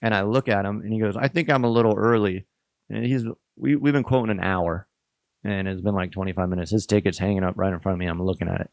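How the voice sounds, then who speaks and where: Slangy, animated storyteller man. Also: on the low side, quick pace, vocal fry, no echo. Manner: animated, slangy, swears freely, says "bro" often. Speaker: pizza restaurant worker, podcast guest. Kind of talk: casual podcast storytelling.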